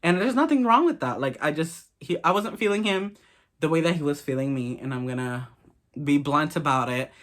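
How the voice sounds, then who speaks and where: A man's voice: on the high side, expressive, fairly quick, a bit bright. A man in his late teens, telling a personal story in a candid, gossipy, profane way. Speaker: vlogger. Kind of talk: casual story time.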